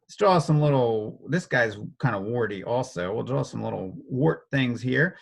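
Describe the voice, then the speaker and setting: A man's voice: mid-range voice, lively intonation, moderate pace, creaky. A man teaching a casual step-by-step drawing lesson, talking playfully as he sketches and chuckling often.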